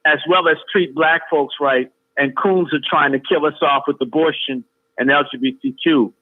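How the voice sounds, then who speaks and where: A man phones in as a guest, pressing his points with forceful repetition. His voice sits a little high and comes through a narrow, tinny phone line. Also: fairly even intonation, normal speed. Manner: emphatic, repeats phrases forcefully. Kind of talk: heated call-in talk. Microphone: phone call.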